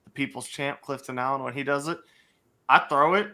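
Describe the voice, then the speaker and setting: Male host, bright forceful tone, easygoing banter about fishing. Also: mid-range voice, a little fast. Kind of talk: casual fishing chat.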